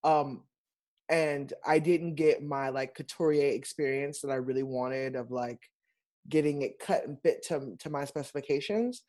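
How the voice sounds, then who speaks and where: Male stage performer, guest; animated, chatty, lively swings in pitch. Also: moderate pace. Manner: animated, expressive storyteller. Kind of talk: casual interview talk.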